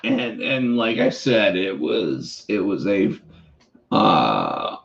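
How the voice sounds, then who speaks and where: Man, co-host, casual wrestling talk, rambling, hoarse, dull recording. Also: fairly low pitch, very animated, drawn-out words, a bit bright. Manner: rambling, many restarts and fillers. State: losing his voice. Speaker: podcast co-host.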